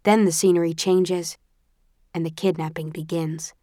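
A woman narrating a first-person audiobook with a tense, expressive storytelling manner. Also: lowish voice, moderate pace, no echo, clean studio sound.

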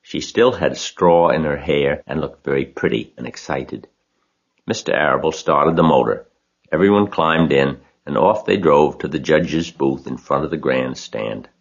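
A man narrating a storybook audiobook in a steady, expressive reading. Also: rumbling low, a little slow, muffled recording.

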